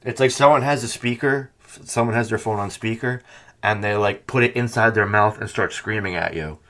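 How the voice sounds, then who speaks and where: A man hosting a podcast in casual chat, talking in a profane, animated, mocking way into a headset or phone mic on a call. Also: fairly low pitch, a little fast. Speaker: podcast host.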